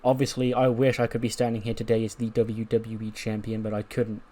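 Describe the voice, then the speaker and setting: A man's voice: fairly low pitch, completely flat delivery, mellow, lightly acted. A man doing a wry veteran wrestler. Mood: determined. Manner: measured, sarcastic. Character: determined veteran male wrestler, calm and wry.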